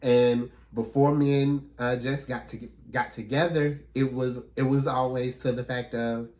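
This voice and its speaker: A man's voice: medium pitch, steady tone, a little slow, darkish tone. A man talking earnestly and reflectively in a casual, heartfelt conversation as a podcast co-host.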